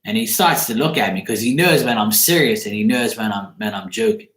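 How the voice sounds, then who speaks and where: Low-voiced man telling a loose story. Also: animated, fairly quick, fairly bright tone. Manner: loose, profane, rambling retelling. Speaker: psychic card reader. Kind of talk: casual storytelling to camera. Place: his own apartment. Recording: echoey room.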